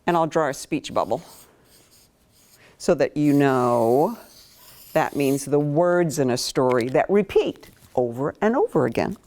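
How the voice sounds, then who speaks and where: A children's author from Maine, a woman, leads a lesson for little kids at an unhurried pace. Her voice sits on the lower side but swings widely in pitch as she coaxes them to join in. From Maine, USA. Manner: slow, expressive, coaxing the class to join in. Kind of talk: interactive lesson for young children.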